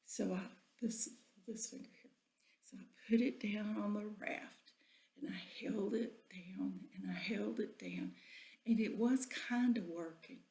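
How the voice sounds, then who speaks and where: A woman telling a folksy spoken story, often dropping into a breathy whisper. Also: medium pitch, measured pace, dark tone. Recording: echoey room.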